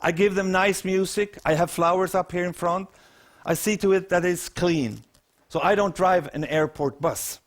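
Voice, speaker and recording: A man's voice: sits high, moderate pace, close to an everyday voice. A Swedish man voicing a cheerful, grinning male bus driver who speaks in an upbeat, persuasive way. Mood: proud.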